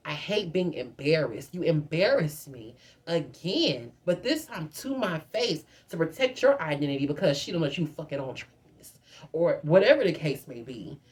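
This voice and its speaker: Low-voiced woman telling a dramatic storytime. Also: expressive, moderate pace, a little mellow. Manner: dramatic, profane, talks straight to viewers. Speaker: vlogger. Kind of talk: casual storytime.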